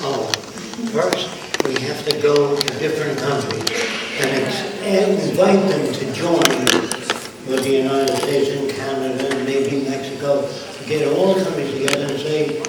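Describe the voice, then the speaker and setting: A man's voice: medium pitch, normal speed. An older man giving a blunt public lecture full of anecdotes, acting out the voices he quotes. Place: large lecture hall. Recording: echoey hall from far off, noisy.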